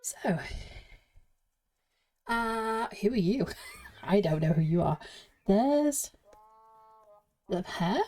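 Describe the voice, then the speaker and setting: A woman talks her way through building a Lego set, slow and chatty, her pitch bouncing around as she giggles to herself. She sounds slightly out of breath, with faint game music playing behind her. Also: darkish tone. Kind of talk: casual build commentary.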